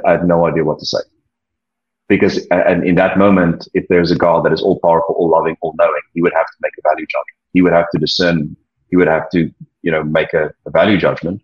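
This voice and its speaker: A man being interviewed, speaking reflectively in a halting way, often repeating words and pausing with ums. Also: extremely low pitch, husky. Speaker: interview guest, former church leader. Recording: dull lo-fi audio.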